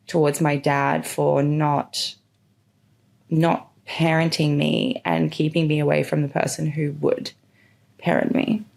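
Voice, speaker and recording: Her low, somewhat mellow, gravelly voice carries a personal storytelling monologue in which this young podcast host speaks openly about her life. She rambles and fills her speech with fillers.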